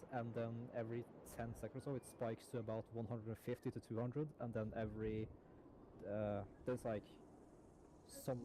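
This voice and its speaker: A man's voice: mid-range voice, mellow, a little hiss or hum. A man talking casually while gaming, rambling with many fillers and casual swearing. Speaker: gamer.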